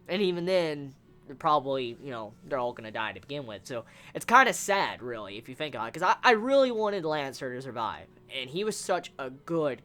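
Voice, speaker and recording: A young man excitedly reviewing an anime episode in casual talk, swearing often and stumbling over repeated words. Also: fairly high pitch.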